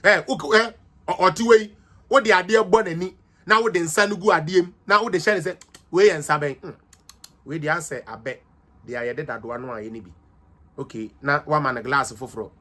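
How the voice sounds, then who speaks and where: A Ghanaian-accented man voicing a mocking impression of a politician slowly tasting cognac, in a deep, slurred tone. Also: sharp tone. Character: mocked politician, tipsy man savoring cognac.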